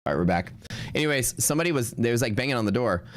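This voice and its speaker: A man's voice: mid-range voice, expressive, racing, dry recording. A man hosting a trading livestream, telling stories in a rambling, laid-back way with many fillers. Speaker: streaming day-trading host. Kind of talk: casual storytelling on a livestream.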